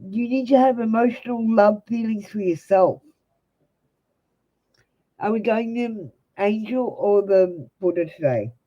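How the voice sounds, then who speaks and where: A woman's voice: medium pitch, measured pace, muffled recording. A young Australian woman reading tarot live for viewers, giving blunt, direct advice. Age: young adult. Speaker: tarot reader.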